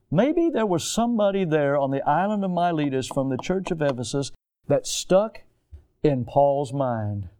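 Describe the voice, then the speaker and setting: A middle-aged pastor with a Southern accent preaching earnestly, moving between emphatic peaks and hushed low passages, with folksy storytelling asides. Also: male voice, very animated, normal speed, smooth. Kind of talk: sermon.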